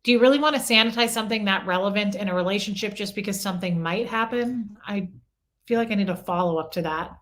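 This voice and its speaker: A woman's voice: mid-range voice, fast talker. Chatty woman reading comments on a livestream. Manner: chatty, digressive, answers commenters by name; coos baby talk at her small dog. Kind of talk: casual livestream chat.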